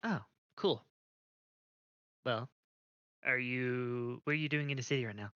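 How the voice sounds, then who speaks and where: Slow, bright-voiced male player. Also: medium pitch, clear, resonant tone, no room sound, lo-fi sound. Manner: easygoing, chuckling often. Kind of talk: casual tabletop play.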